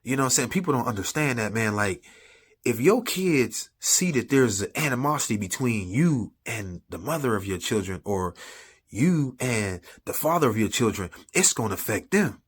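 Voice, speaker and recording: A man's voice: medium pitch, lively intonation, moderate pace, slightly rough. A man speaking casually about faith and family, talking to viewers in a loose, conversational way with lots of "you know what I'm saying" fillers. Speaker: vlogger sharing personal testimony. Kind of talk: casual faith-based storytelling.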